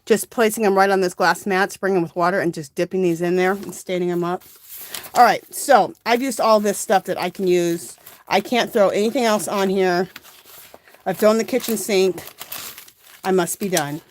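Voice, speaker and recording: A woman's voice: mid-range voice, normal speed, slight background noise. A woman hosting a casual crafting livestream, chatting and thinking aloud as she works, recorded on a phone at her craft table. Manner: chatty, rambling, thinks aloud while working.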